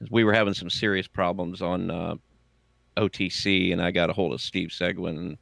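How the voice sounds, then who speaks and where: A man from the United States hosting a casual livestream chat, rambling and halting with many fillers. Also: sits low, steady tone, gravelly, fairly bright tone, no echo. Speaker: podcast host.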